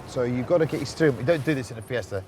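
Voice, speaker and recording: A man's voice: medium pitch, rapid-fire. Wry man over traffic noise. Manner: wry, chatty, self-mocking asides. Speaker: car reviewer host. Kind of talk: casual running commentary while driving. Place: inside a car and on a town street. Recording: loud car and traffic noise behind.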